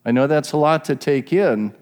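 A man's voice: a little high, normal speed, darkish tone, smooth. A middle-aged man preaching a Bible sermon, explaining the verses and asking his listeners questions.

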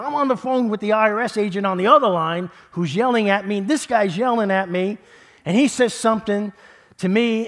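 Middle-aged pastor telling a story. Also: male voice, sits high. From New York. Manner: conversational, repeats words, builds then drops to a hush. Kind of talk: sermon storytelling.

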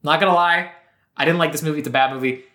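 A woman's voice: low voice, fast talker, fairly bright tone. A woman co-hosting a podcast, chatting casually and sarcastically about a movie and acting out the characters' lines. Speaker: podcast co-host. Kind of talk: casual chat recapping a movie. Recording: roomy echo.

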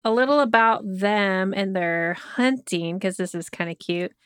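A woman's voice: mid-range voice, unhurried, clean tone, dry recording, studio quality. Chatty woman reading facts aloud. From Oklahoma. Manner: chatty, reads notes with asides and laughs. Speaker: podcast co-host.

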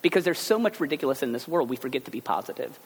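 A man preaching a sermon as pastor, telling everyday stories in a chatty, animated way. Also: medium pitch, racing, slightly rough. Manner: conversational storytelling, animated asides. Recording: long hall reverb.

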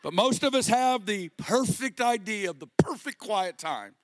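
Give me a middle-aged man with a high voice preaching passionately, recorded dry. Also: animated, a little slow, no echo. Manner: impassioned, rising to shouts at peaks. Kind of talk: sermon.

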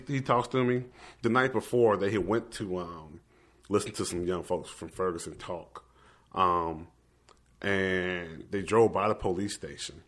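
A man's voice: low voice, a little slow, a bit bright. A young man earnestly telling a personal story in a conversational interview, acting out the voices of the people he talked with. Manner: earnest, emotional, quotes himself and others. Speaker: activist guest.

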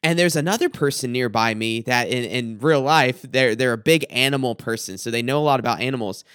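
A man's voice: mid-range voice, fairly quick, a bit bright, smooth, no room sound, studio quality. A young adult man, a student pastor, telling a personal dream story in a hesitant way, often restarting and repeating words.

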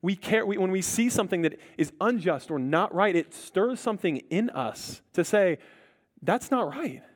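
A man's voice: fairly high pitch, a little mellow. A man preaching a sermon as a pastor, earnest, drops his voice on key words and teases the congregation now and then.

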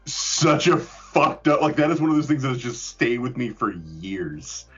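A man's voice: mid-range voice, very animated, unhurried, a bit bright, slightly rough, soft background music. A man in casual chat, rambling with fillers and casual swearing. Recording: dull lo-fi recording.

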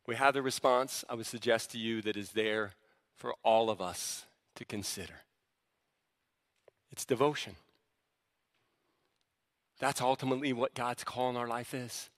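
A man's voice: medium pitch, unhurried, long pauses, a bit bright. A man preaching a sermon as pastor, teaching in a conversational way that builds to fervent emphasis. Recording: long reverb of a large hall.

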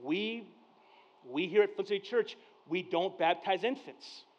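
A man with a rather high voice preaching from the pulpit in a chatty, storytelling way. He acts out the conversations, goes quiet and then suddenly loud. The sound is muffled and lo-fi. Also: unhurried. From Mexican heritage. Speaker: pastor. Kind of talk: sermon with personal stories. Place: church service. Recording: dull lo-fi sound.

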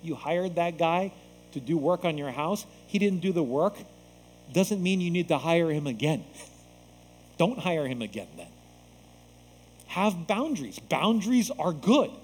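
A man from the United States preaching a sermon as a pastor, acting out quoted voices in an animated way. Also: fairly high pitch, measured pace, pauses often, in a large hall, a little hiss or hum, poor audio.

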